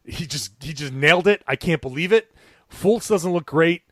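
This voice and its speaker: A man's voice: a little high, normal speed, fairly bright tone, no room sound, studio quality. A man co-hosting a casual sports podcast, breaking down plays with enthusiasm, sometimes tripping over his words and restarting. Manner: enthusiastic, analytical, with stumbles and restarts. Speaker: podcast co-host and basketball writer.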